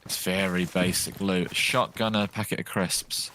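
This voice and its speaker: A man's voice: deep voice, little pitch movement, moderate pace, sharp tone, a little hiss or hum. A man chatting casually while streaming a survival game, rambling and lightly joking. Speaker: gaming streamer. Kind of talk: casual live gameplay chat.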